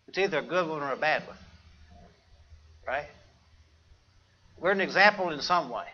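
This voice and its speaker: A man's voice: on the high side, pushed and bright, muffled recording. A man preaching a sermon, quoting scripture and putting questions to the congregation.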